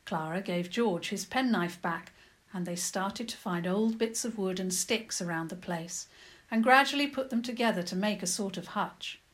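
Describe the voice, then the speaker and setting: Woman, children's story narrator, expressive, lively, mid-pitched.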